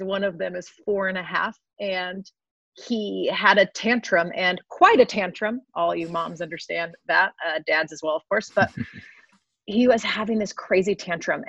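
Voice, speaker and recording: Husky-voiced woman telling a heartfelt story. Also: medium pitch, dry recording. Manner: earnest, heartfelt storytelling with frequent laughs. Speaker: guest. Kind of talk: personal testimony in conversation. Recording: slightly dull lo-fi recording.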